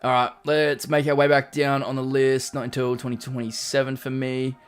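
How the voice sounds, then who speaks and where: A man's voice: mid-range voice, level tone, moderate pace, clear, resonant tone. A man, chatting casually on a live stream and reading viewer comments aloud. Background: faint background music.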